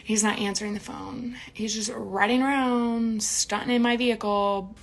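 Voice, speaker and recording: A woman's voice: a little high, fairly even intonation, normal speed. A woman talking casually on a livestream from home, sarcastic and swearing freely.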